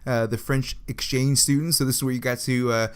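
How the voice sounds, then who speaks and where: A man's voice: medium pitch, fairly even intonation, fairly quick, clean tone. A man hosting a podcast interview, asking his questions hesitantly with many fillers. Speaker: podcast host.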